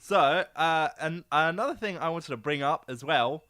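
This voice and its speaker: A young man co-hosting a comedy podcast, talking in an animated, sarcastic, rambling way. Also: on the high side, moderate pace, dry recording. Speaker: podcast co-host. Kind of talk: casual comedic chat.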